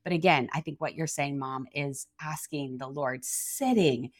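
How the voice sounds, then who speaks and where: Female co-host in her 40s, conversational and expressive, lower pitch, dry close mic. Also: a little slow, no echo. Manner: chatty, acts out quoted dialogue, many likes. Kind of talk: faith-based podcast chat.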